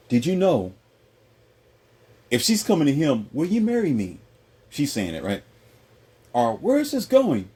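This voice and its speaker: A man holds forth in a loose, opinionated chat, his husky voice leaping around in pitch. He slips into mocking impressions, and his tone stays dark and mellow. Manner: animated, mocking impressions, jumps high in pitch. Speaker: host.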